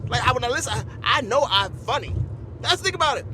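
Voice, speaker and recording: Man in his forties, comedy podcast host, high voice, animated, keeps saying listen, faint traffic behind. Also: fairly quick. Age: 40s. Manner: animated, playful, repeats "listen", laughs often.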